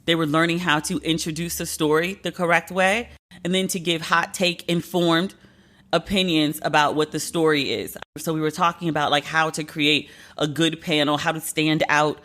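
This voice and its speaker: A woman around forty hosting a solo podcast, talking in an animated, profane, venting way. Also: low-pitched, normal speed. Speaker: podcast host.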